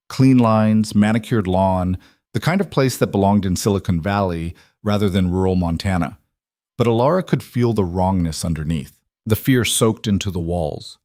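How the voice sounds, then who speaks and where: A man narrating a romantic fantasy story in an even, measured audiobook style. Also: fairly low pitch, no echo, clean studio sound.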